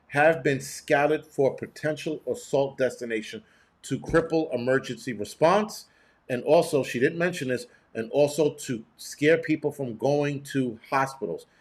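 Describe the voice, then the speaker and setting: A man hosting a prepping show, giving blunt, profane, rambling live-stream commentary and reading chat messages aloud. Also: medium pitch.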